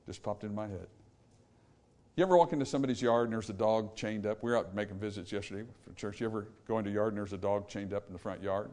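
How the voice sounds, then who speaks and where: Brief: male pastor, fiery sermon delivery that drops to hushed pleading. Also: on the low side, quick pace. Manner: fiery, swinging from loud emphasis to hushed pleading. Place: church sanctuary.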